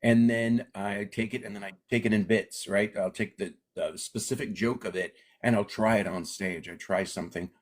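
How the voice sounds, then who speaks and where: Low husky-voiced middle-aged comedian. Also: male voice, normal speed, few pauses. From Alaska. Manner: animated storyteller, acts out quoted voices. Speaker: comedian guest. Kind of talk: casual interview chat.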